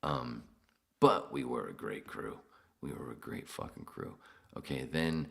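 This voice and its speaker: A man's voice: very deep voice, expressive, unhurried, gravelly, fairly bright tone. A man hosting his own podcast, telling stories in a rambling, profane, casual way on a live stream. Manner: profane, rambling, self-interrupting. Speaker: podcast host.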